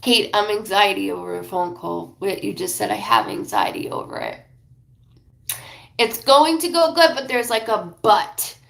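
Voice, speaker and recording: A woman giving a live psychic reading, rambling and emotional, talking in quick bursts. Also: medium pitch, very animated, gravelly, a bit bright, echoey room. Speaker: psychic reader.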